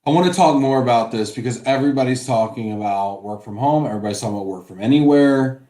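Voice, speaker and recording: An upbeat, jokey man hosting a casual live stream in an echoey room. His pitch sits in a middle range as he reads out viewer comments and teases his guest. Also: fast talker, mellow. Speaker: show host.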